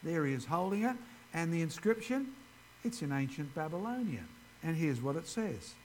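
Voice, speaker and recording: A man's voice: on the high side, very animated, normal speed, slight background noise, rough recording. A man giving an informal ministry presentation, chatting directly with his audience. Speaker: creationist ministry speaker.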